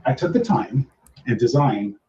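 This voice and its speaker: A man's voice: mid-range voice, expressive, normal speed, mellow, echoey room, muffled recording, a little hiss or hum. A man hosting a live stream from the Philippines, rambling casually and greeting his viewers one by one. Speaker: livestream host. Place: home in the Philippines.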